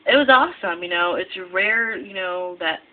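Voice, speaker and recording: A woman's voice: mid-range voice, normal speed. Young Midwestern woman, culinary student vlogger; tired, rambling, self-correcting; tinny lo-fi phone-like audio. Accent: American Midwest. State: tired, half asleep. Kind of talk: casual vlog talk to camera. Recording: tinny lo-fi with faint hiss.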